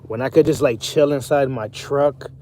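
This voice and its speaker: A man's voice: medium pitch, moderate pace, dark tone, a little hiss or hum. A young man livestreaming from his parked truck cab, rambling casually while reading out viewer comments. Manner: rambling, chatty, self-correcting.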